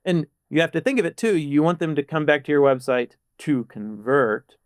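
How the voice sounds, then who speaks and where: A man, a product manager, explaining ideas in a casual podcast chat with quick animated bursts. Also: on the high side, no room sound, studio quality.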